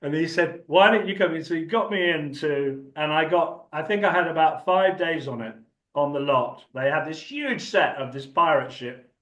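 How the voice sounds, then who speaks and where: A man's voice: fairly high pitch, moderate pace, a bit bright, reverberant, highs cut off. An older man telling a rambling anecdote as an interview guest, chatty and laughing often. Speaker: actor and guest. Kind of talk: anecdotal storytelling.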